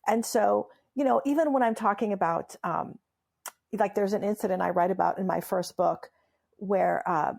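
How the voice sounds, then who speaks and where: A woman's voice: fairly low pitch, creaky, slightly rough. A woman from Iran, a memoirist and humorist, telling stories in an interview with a playful, emphatic delivery and frequent laughs. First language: Farsi. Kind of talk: animated interview storytelling.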